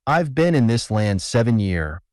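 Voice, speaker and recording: A man voicing rough male gold prospectors who talk in a testy folksy frontier dialect. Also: medium pitch, very animated, measured pace, a little mellow, no echo, clean studio sound.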